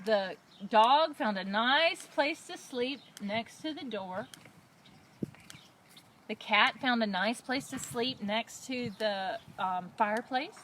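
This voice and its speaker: A woman librarian reading a story aloud to children in a lively, expressive storytime voice. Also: a little high, slow, poor audio. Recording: loud background noise.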